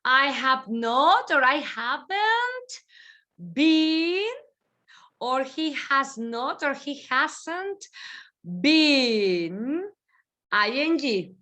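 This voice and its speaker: High-voiced bright woman teaching grammar. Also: very animated, extremely slow, pauses often. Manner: repetitive, explanatory, slips between English and Spanish. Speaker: English teacher. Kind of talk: online grammar lesson. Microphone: video call.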